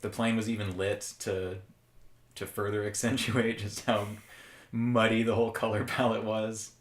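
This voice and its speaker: Low-voiced sarcastic podcast co-host. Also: male voice, flat delivery, normal speed, roomy sound. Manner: wry, sarcastic, laughs often. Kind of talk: casual movie review chat.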